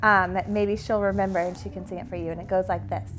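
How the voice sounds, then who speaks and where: A woman's voice: mid-range voice, level tone, fast talker, a bit bright, a little hiss or hum. A woman giving a playful, teasing wedding video message. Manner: playful, sings a silly song.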